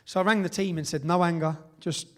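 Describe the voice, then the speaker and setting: A middle-aged Englishman gives a live speech in an event hall, telling his story emphatically and often tagging sentences with "yeah?". His voice is a little high, with a steady tone and a fairly quick pace.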